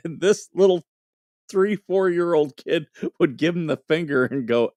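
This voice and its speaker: A man's voice: a little high, moderate pace, a little mellow, no room sound, studio quality. A man hosting a livestream, chatting casually and telling funny stories with frequent laughter. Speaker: livestream host. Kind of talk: casual chat and storytelling.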